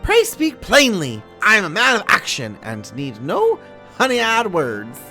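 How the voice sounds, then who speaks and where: A woman's voice: mid-range voice, wildly swooping pitch, unhurried, bright, forceful tone, soft background music, pitched above the performer's own voice, full character voice. A woman reading out a blunt, brusque male man of action from a game, in a mock-formal tone.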